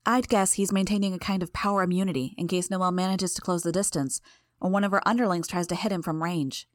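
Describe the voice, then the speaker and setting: A woman voicing a sharp, knowing young woman who speaks brisk and matter-of-fact. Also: fairly low pitch, steady tone, dry recording, studio quality, natural voice.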